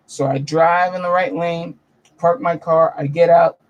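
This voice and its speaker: A young man chatting casually at home in his bedroom, telling profane, self-mocking stories with animated delivery. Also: fairly high pitch, a little slow, muffled recording. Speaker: comedian vlogger. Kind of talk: casual storytelling vlog.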